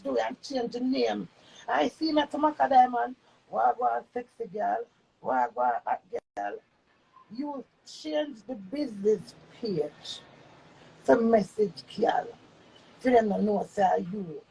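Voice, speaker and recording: A woman's voice: fairly high pitch, sing-song, a little slow, gravelly, warm tone, a little hiss or hum, rough recording. A woman with a Jamaican accent in a heated, cursing rant, speaking in patois. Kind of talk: angry rant.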